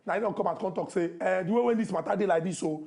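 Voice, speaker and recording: A man's voice: sits high, very fast, creaky, darkish tone. A man with a Nigerian accent, co-hosting a TV show, teasing his partner in comic banter and talking through the news in Pidgin from a studio. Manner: teasing, breaks into snatches of song. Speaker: TV co-host.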